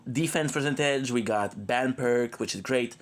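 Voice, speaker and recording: A man's voice: mid-range voice, normal speed. A tired man with a cold who streams, chatting casually and rambling with jokes to his viewers. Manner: rambling, joking. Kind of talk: casual live-stream chat.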